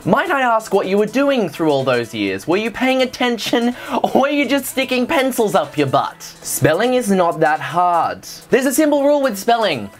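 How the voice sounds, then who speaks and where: A man's voice: sits high, sing-song, moderate pace, soft background music. A young man, ranting sarcastically to camera and swearing freely. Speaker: vlogger. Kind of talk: comedic rant to camera.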